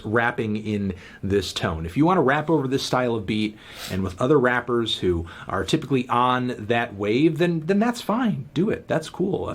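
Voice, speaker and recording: Low-voiced man giving a dry album review. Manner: measured, dry critique. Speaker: music reviewer.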